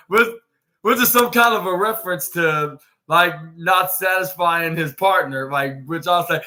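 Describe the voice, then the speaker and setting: A man's voice: high-pitched, moderate pace, pushed and bright. A young man hosting a podcast, recapping wrestling in a rambling casual way, full of fillers and acted-out quotes. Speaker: podcast host.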